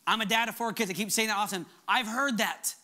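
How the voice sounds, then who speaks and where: A middle-aged man preaching a sermon in an earnest, emphatic way, at times dropping to a soft, quiet voice. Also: high voice, fairly quick. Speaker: pastor.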